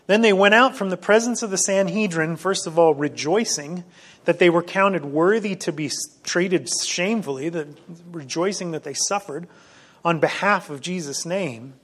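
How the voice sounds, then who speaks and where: A pastor preaching a sermon, earnest and insistent, repeating key phrases to drive his point home. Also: sits high.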